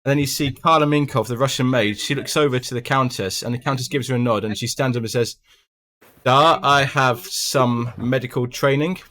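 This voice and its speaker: A man's voice: medium pitch, fairly even intonation, fast, few pauses, fairly bright tone. A man running a tabletop horror game as game master, narrating casually with frequent ums.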